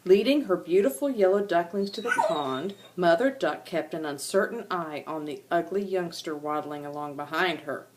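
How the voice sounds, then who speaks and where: An older woman, a grandmother, reading a children's animal storybook aloud to her grandchildren with an animated, sing-song manner. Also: on the low side, normal speed, hardly any pauses, a little hiss or hum.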